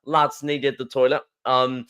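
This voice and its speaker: A man co-hosting a podcast, telling a story in an excitable way, laughing and restarting often. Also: medium pitch, unhurried, clear, resonant tone. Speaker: podcast co-host. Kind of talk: casual storytelling chat.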